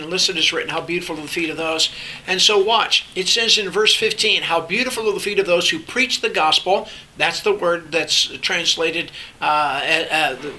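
A man's voice: sits high, pushed and bright, poor audio. An older man teaching through a Bible passage, explaining in a conversational way with frequent restarts. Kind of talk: sermon-style Bible teaching. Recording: faint hiss.

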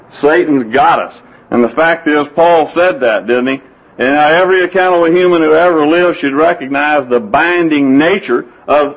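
A man's voice: a little high, low-quality recording. A man preaching a sermon, telling folksy stories and quoting scripture. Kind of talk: sermon with anecdotes.

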